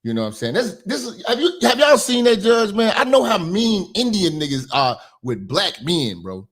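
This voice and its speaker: A man's voice: high-pitched, wildly swooping pitch, normal speed, breathy edge. A man hosting casual commentary who speaks bluntly and profanely in a conversational way. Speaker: commentary host.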